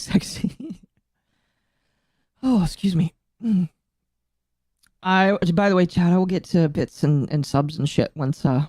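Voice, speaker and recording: A woman's voice: low-pitched, mellow, no room sound. Giggly coughing woman streamer, dry sound. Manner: giggly, rambling, talks to chat. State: coughing, throat catching. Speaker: streamer reacting to a video. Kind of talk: casual live-stream chat. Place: home streaming setup.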